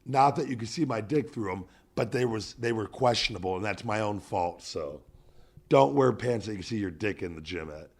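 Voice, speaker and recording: A man in his thirties hosting a podcast, telling a gym story in casual, profane, animated chat. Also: fairly low pitch, brisk, husky. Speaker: podcast host.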